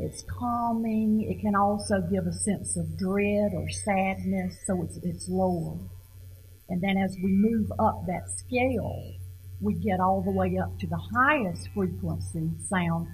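A middle-aged woman giving an informal lecture on poetry, halting and repeating words as she questions her audience. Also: mid-range voice, a little mellow, slightly rough, low-quality recording.

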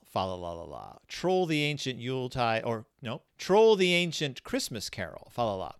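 A man's voice: medium pitch, sing-song, moderate pace, few pauses, smooth, dry recording, studio quality. A man hosting a podcast in casual chat, rambling and self-deprecating, with many fillers and restarts. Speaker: podcast host.

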